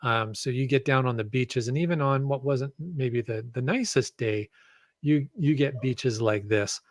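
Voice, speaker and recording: A man's voice: medium pitch, measured pace, no echo. A man chatting as a guest on a podcast, rambling and hesitant, full of ums and restarts. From Canada. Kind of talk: casual podcast chat.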